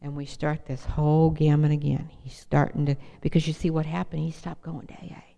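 A woman's voice: deep voice, little pitch movement, a little fast, gravelly, warm tone, big-room sound. A middle-aged woman telling her personal recovery story to an audience, earnest and direct, often asking listeners questions. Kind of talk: personal testimony talk.

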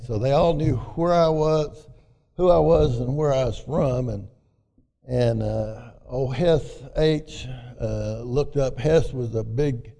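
Older southern guy from arkansas, gravelly voice, folksy story at a meeting, echoey hall. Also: medium pitch, mellow. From Arkansas, USA. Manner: folksy storyteller, many "you know" fillers. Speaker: speaker sharing his recovery story. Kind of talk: personal testimony talk. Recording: echoey hall, mic at a distance.

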